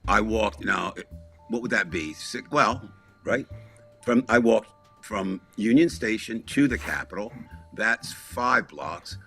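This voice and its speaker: Husky low-voiced man telling a story. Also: animated, slow pace, pushed and bright, soft background music. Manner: rambling, with many restarts and asides. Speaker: podcast co-host. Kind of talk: casual storytelling.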